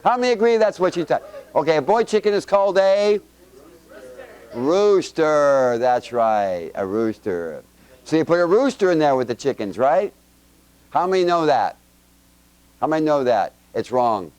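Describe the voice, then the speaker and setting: A man giving an informal Bible teaching to a congregation with children, firing quick questions at them in a chatty, joking way with homespun examples. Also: a little high, very animated, darkish tone, smooth, dry recording. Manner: quizzes the audience with quick questions.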